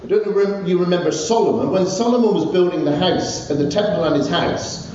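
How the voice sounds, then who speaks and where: A man preaches a fervent sermon, stacking phrases and driving each point home. His voice sits high for a man. He is recorded from a distance in a reverberant church with a dull, muffled tone and faint noise. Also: fairly quick, warm tone. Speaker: pastor. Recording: echoey church hall from far off, dull.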